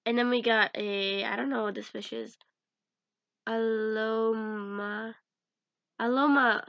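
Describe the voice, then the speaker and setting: A woman's voice: on the high side, brisk, gravelly, no echo. A young woman chatting casually in a vlog as she sorts through cards, giggling and mumbling names to herself. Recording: dull lo-fi sound.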